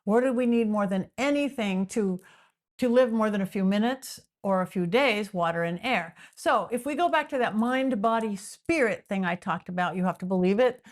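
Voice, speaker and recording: A middle-aged Southern California woman appears as a psychic medium guest on a podcast, explaining things in an animated, casual way and often restarting her sentences. She speaks at a medium pitch and a normal speed.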